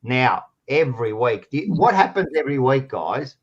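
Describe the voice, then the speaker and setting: An Australian man hosting a sports podcast, loud and teasing, swearing freely in casual banter. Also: medium pitch, sing-song, normal speed, lo-fi sound. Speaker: podcast host.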